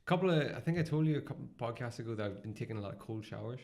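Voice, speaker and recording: A man's voice: mid-range voice, animated, very fast, creaky, darkish tone, a little hiss or hum. A young man co-hosting a podcast, chatting casually and laughing easily. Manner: laid-back, laughs easily, short reactions. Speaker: podcast co-host. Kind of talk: casual chat.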